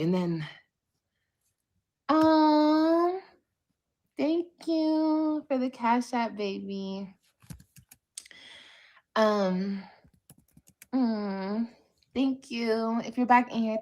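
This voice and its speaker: A woman hosts a casual livestream and talks straight into her streaming mic. She tells her story in an animated way, swears often and acts out what other people said. Her voice sits at a middle pitch. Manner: animated, profane, acts out quotes. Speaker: livestream podcast host.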